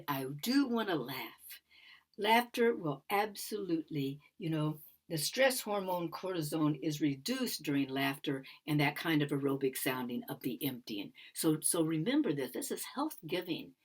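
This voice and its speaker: At a conference, an older woman talks musingly about sound healing in a low, slightly rough voice with lively intonation and a moderate pace. She repeats phrases and sometimes slips into a whisper.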